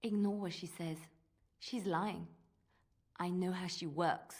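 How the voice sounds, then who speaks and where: A woman's voice: on the low side, fairly even intonation, takes it slowly, a little mellow, slightly rough, heavily acted. An actress voicing a young woman bard in a video game who confronts her former mentor in a firm, earnest way. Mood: wary.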